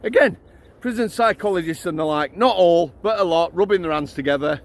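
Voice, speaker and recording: A middle-aged man gives a blunt, ranting vlog, his voice sitting fairly high for a man. He talks into a phone while walking his dog outdoors. Faint outdoor noise runs underneath. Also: fairly quick. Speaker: former prison officer vlogger.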